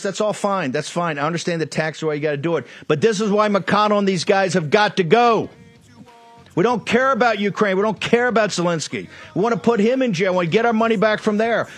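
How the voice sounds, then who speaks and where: A middle-aged man tears through a political monologue, hammering the same accusations again and again. His voice sits high and pushes hard. The sound is dry and close. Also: a little fast, no echo, faint music behind. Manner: fiery, ranting, repetitive accusations. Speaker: host. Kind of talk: political talk show monologue.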